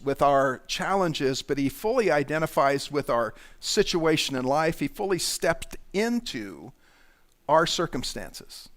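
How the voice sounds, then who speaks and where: A middle-aged man, a pastor, preaching a sermon in a conversational way with asides and restarts. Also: a little high.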